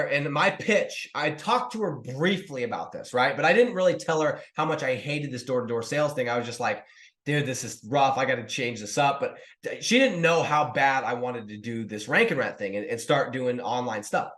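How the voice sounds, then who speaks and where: A man in his thirties, an online business coach, telling a story to viewers in a lively, casual way. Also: medium pitch, normal speed. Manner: animated, talks to viewers as "dude" and "guys". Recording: roomy echo.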